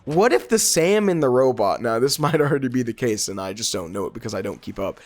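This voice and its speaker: Stuffed up with a cold, a gaming YouTuber talks at a quick pace in a mid-range, nasal voice. His commentary meanders as he gets distracted from the game. He laughs a lot and his pitch spikes whenever something excites him.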